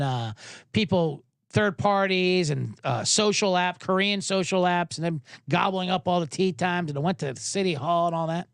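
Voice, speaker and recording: A man hosting a sports podcast, telling a comedic rant, profane and animated, acting out both sides of an argument. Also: sits high, clear, resonant tone, no echo, studio quality.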